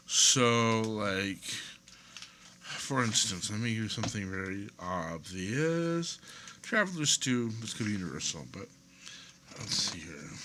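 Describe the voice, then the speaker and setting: A man giving an off-the-cuff rant to camera, rambling and digressive, with wry self-deprecating asides and pauses while he leafs through a book. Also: medium pitch, pushed and bright, a little hiss or hum. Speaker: video creator.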